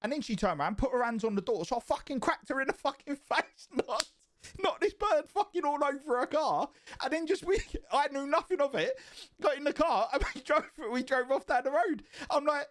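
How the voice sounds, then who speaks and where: A man casually telling a story on his stream, swearing often and getting more and more animated. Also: very high-pitched, fairly quick. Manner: profane and animated, rising excitement.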